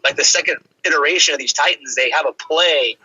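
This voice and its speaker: A man guesting on a casual gaming roundtable, talking in a rapid, rambling way with lots of fillers, heard over dull lo-fi call audio. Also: on the high side, sharp tone.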